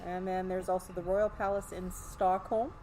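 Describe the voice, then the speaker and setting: A woman's voice: lowish voice, level tone, moderate pace, warm tone, a little hiss or hum, rough recording. A woman hosting a podcast, telling stories in a chatty, rambling way with restarts. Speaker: podcast host. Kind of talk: casual storytelling chat. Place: live event in a large store.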